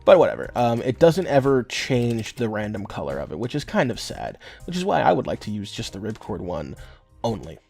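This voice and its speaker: A man's voice: fairly low pitch, wildly swooping pitch, fairly quick, gravelly, darkish tone, faint music behind. A young man giving rambling, joking gameplay commentary as a gaming channel host. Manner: rambling, joking, filler-heavy. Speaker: gaming YouTuber.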